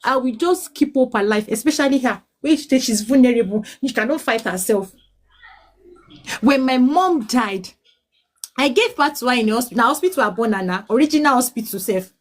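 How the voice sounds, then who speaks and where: High-pitched nigerian lady in her 30s, english and pidgin mixed, pleading, stops and restarts a lot. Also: lively intonation, moderate pace. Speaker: mother telling her life story. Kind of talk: emotional personal testimony.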